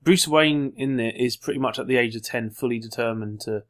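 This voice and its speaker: A man co-hosting a podcast, chatting casually in a quick, sarcastic way. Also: mid-range voice. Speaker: podcast co-host. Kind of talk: casual review chat.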